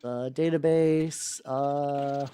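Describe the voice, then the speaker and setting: A woman streaming a video game playthrough, talking excitedly, swearing freely, and rambling in asides. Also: deep voice, very slow, a little hiss or hum. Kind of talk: live gameplay commentary.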